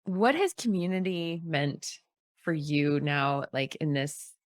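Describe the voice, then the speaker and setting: A woman's voice: low-pitched, animated, takes it slowly, no echo, clean studio sound. A woman hosting a casual conversation, laughing and encouraging, asking reflective questions. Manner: giggly, supportive with frequent affirmations. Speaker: interviewer.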